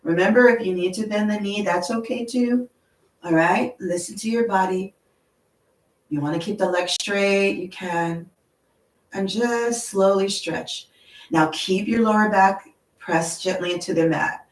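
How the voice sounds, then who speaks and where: A woman leading a yoga class, gently talking students through stretches and breathing and checking in with "okay?". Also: medium pitch, roomy sound, distant mic, rough recording. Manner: slow, gentle and encouraging, with frequent "okay?". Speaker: yoga instructor. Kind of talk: guided yoga class instruction. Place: yoga studio.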